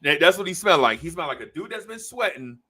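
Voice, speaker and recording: Talking fast in a voice on the high side, a man on his podcast rattles through a long story in casual conversation. He acts out the people in it with animated, quoted voices.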